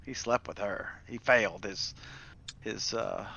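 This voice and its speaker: Gravelly-voiced man rambling. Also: lowish voice, measured pace, sharp tone, dull audio, slight background noise. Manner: rambling, with searching fillers. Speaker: player.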